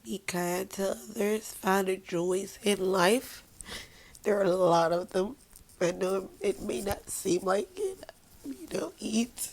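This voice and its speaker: A woman's voice: mid-range voice, lively intonation, slow, a little hiss or hum. A woman hosting a podcast, talking through an emotional personal monologue in a raw, rambling, self-mocking way, still tearful after crying. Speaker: podcast host.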